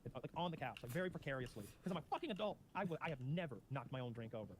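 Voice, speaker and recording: Fast-talking animated man. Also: medium pitch, a little hiss or hum. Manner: fast, animated, swears freely. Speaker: podcast co-host. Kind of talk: casual chat.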